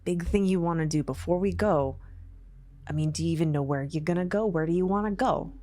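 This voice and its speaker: A woman running a tabletop game as game master, chatty and animated. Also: lowish voice, fairly quick.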